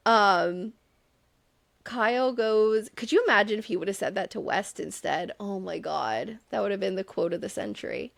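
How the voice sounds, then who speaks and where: A woman co-hosting a podcast, recapping a reality show in casual chat, exasperated and profane, with quick asides. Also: fairly high pitch, expressive, gravelly, no echo. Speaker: podcast co-host.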